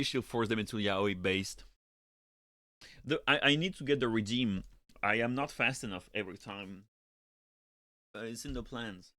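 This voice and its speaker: A man's voice: mid-range voice, fairly bright tone, no room sound, clean studio sound. A man who works as a teacher, chatting casually and profanely with viewers on a live stream while he works, rambling from topic to topic.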